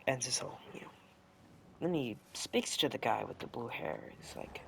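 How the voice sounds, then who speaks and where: Young guy talking over gameplay, rambly, swears a bit, fixes his own words, mid pitch with fry. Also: very animated, normal speed, slight background noise. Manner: rambling, self-correcting, casual swearing. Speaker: gaming video creator. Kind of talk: casual commentary while playing and telling a story.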